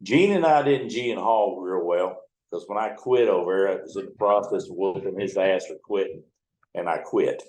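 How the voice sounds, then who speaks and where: In this interview, a seventy-something towboat captain from the United States tells salty, down-home stories. He speaks at normal speed in a low, slightly mellow voice, captured on a reverberant, low-quality recording.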